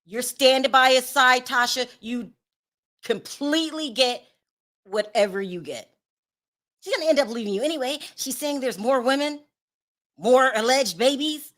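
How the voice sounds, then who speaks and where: A woman dishes celebrity gossip in loose, casual commentary. Her voice is bright and sits a little high for a woman. She talks bluntly, with plenty of sass and dismissiveness. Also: lively intonation, moderate pace.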